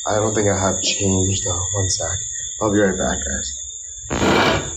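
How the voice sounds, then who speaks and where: A man's voice: sits low, steady tone, takes it slowly, noisy background. Hyped man live-streaming to fans. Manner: hyped, loud, joking banter with viewers. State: out of breath. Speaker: livestreamer. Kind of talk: casual live-stream chat.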